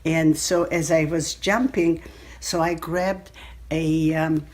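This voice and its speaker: An elderly woman in her eighties from Belarus tells her memories in an interview, her voice sitting a little low. She speaks haltingly, restarting phrases as she searches for words. It is captured on a cell phone. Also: fairly even intonation, darkish tone. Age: 80s. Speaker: Holocaust survivor interviewee. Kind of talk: personal storytelling in an interview.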